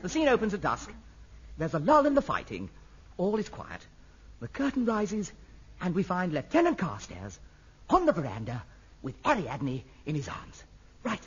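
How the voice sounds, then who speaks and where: A fussy, gushing amateur theatre director fluttering with theatrical enthusiasm. His voice is high for a man and leaps around constantly, heard through a dull lo-fi old radio recording with a light hiss. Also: wildly swooping pitch, normal speed, pauses often, breathy edge, full character voice. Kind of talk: 1960s radio sitcom acting.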